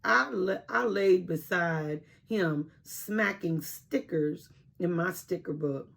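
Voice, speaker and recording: A woman storyteller reading a children's story aloud in an expressive way. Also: fairly low pitch, slow pace, vocal fry.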